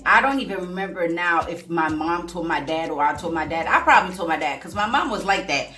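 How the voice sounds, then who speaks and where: A woman vlogger telling her own life story in a casual, animated way, repeating phrases for emphasis. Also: on the low side, brisk, slight background noise. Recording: echoey room, faint music behind.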